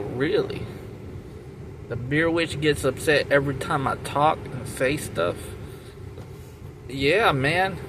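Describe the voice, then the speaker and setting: Man, rambling storyteller, slow delivery, outdoors with traffic and street noise behind him. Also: mid-range voice. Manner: rambling, repeats words and restarts, many fillers. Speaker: vlogger telling a story.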